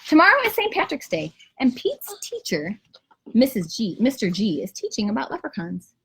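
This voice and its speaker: A kindergarten teacher reading a picture book aloud to children on a live stream from home, with lively storytelling. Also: female voice, on the high side, moderate pace, vocal fry, husky. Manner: lively storytelling, rhymes read with bounce. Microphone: camera or phone on a live stream.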